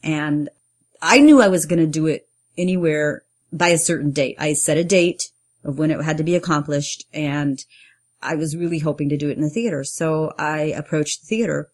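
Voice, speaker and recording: A middle-aged woman, a playwright and performer, telling her own story in an earnest way and getting lively when she acts out what people said. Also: sits low, normal speed. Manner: earnest, animated when acting out quotes. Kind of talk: personal storytelling interview.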